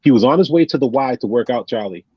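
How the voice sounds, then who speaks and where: A man's voice: mid-range voice, fast, slightly rough, dry recording. A man with a New England accent, a podcast guest telling stories in casual chat and acting out what his friends said. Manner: animated, acts out quotes of friends. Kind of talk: casual storytelling. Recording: dull lo-fi sound.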